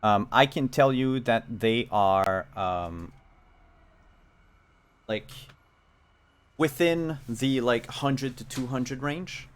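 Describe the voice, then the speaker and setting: A man narrating as game master of a tabletop game, measured and thinking aloud with frequent ums. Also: mid-range voice, smooth.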